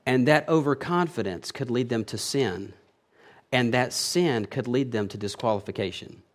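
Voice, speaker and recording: A male pastor delivering a verse-by-verse sermon. His voice sits at a middle pitch and swings between forceful emphasis and quiet drops. He restarts phrases as he explains. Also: normal speed. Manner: emphatic, rising and falling in loudness, self-correcting restarts. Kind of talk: expository sermon.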